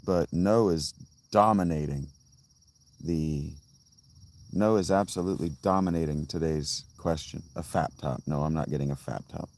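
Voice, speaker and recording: A man's voice: extremely low pitch, moderate pace, darkish tone. A man chatting casually on a live stream outdoors by a fountain, answering viewers' comments in a rambling, tangential way with many restarts. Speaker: livestreamer reading chat.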